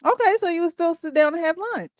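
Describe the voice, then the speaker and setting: A woman's voice: very high-pitched, quick pace, no room sound, clean studio sound. A woman hosting a casual video-call talk show, upbeat and handing questions to each guest. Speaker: host. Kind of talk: casual chat.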